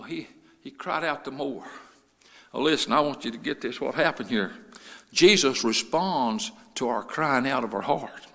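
A male pastor preaching a sermon, moving between quiet storytelling and loud, fervent preaching. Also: mid-range voice, moderate pace, in a large hall.

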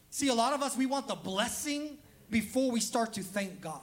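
Speaking at a moderate pace in a very high-pitched, animated voice, a pastor delivers a conversational sermon at a live-streamed church service, repeating words for emphasis and briefly performing the people he quotes.

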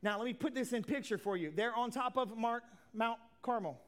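A man preaching a sermon as a pastor, swinging from loud declarations to hushed asides, with folksy plain talk. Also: extremely high pitch, a little fast.

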